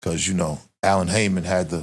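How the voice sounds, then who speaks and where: Interview guest, man, Boston accent, low-pitched, animated street storyteller. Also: brisk. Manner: animated, profane street storytelling, rises in pitch when reliving tense moments. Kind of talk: casual storytelling.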